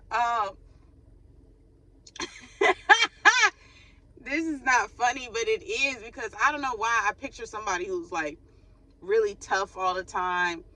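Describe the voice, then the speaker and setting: A woman's voice: a little high, expressive, slow pace, pauses often, pushed and bright, no room sound, low-quality recording. A woman hosting a spiritual channel, giving viewers a casual spoken reading in a chatty, loose way with informal slang.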